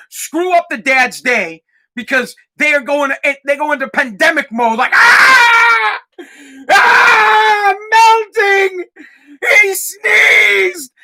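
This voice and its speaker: A man hosting a podcast, telling a comic story as an animated rant, swearing and acting out other people's voices. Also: very high voice. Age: adult parent of a twelve-year-old. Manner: animated, acts out voices, swears, gets loud when ranting. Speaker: podcast host.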